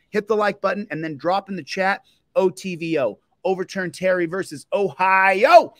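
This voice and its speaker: Recorded with studio quality and no room sound, this police auditor streams live in a high-pitched, slightly bright voice. He confronts a police department in a heated, repetitive tirade.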